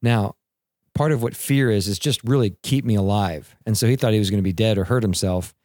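A man in his thirties, podcast co-host and father, telling parenting stories in an animated way and acting out quotes. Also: lowish voice, quick pace, no room sound, studio quality. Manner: animated storyteller, acts out quotes, laughs. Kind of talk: casual podcast conversation on parenting and mentoring.

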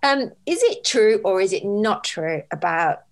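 A woman co-hosting a casual interview, asking questions softly and tentatively. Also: mid-range voice, expressive, measured pace, vocal fry.

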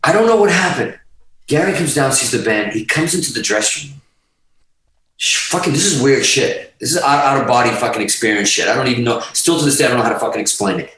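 A middle-aged man from Portugal, a guest musician telling a story on a podcast in a lively, profane way, acting out the quotes. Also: medium pitch, fast, distant mic. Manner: animated, profane, acts out quotes. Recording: echoey room, off-mic.

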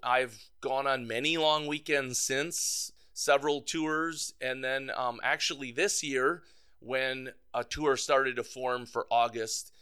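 A man's voice: mid-range voice, steady tone, slow, pushed and bright, clear, resonant tone. A man as an interview guest, telling a casual, rambling story with lots of fillers and frequent laughs. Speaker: guest, band's tour manager.

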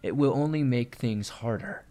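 A man voicing a gruff, grieving middle-aged hunter who speaks curtly through clenched teeth. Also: mid-range voice, moderate pace, mellow, close to an everyday voice. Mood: stern.

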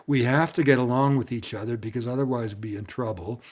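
A man with a middle-pitched voice speaks as an interview guest. His sentences are long and sweeping, delivered eloquently. He often lets his voice fall off softly at the end of a thought. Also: fast. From Canada. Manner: eloquent, sweeping, trails off softly at phrase ends. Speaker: guest anthropologist. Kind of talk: reflective storytelling in an interview.

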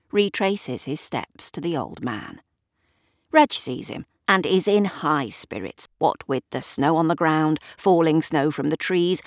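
A woman reading a story aloud in a measured, wry storybook narration. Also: low-pitched, dry recording, studio quality. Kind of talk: scripted narration.

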